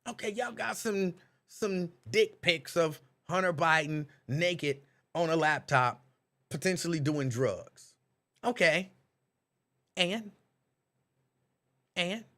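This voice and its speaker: A man hosting a live talk stream, reading viewers' comments aloud and riffing on them in an animated, direct way. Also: on the high side, slow, long pauses. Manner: animated, talks straight to chat viewers. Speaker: talk show host reading live chat.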